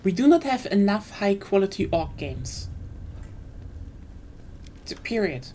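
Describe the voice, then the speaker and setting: A woman's voice: medium pitch, sing-song, slow, mellow, slight background noise. A woman streaming a game, ranting casually and enthusiastically, with frequent swearing and fillers.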